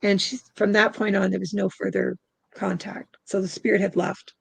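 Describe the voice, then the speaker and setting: A middle-aged woman from Canada tells a long personal story in casual interview talk. Her voice has a gravelly edge at a medium pitch. She rambles, restarts often and leans on fillers. The sound is dry and close. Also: level tone, moderate pace, dry recording, rough recording. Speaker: guest spirit releasement practitioner.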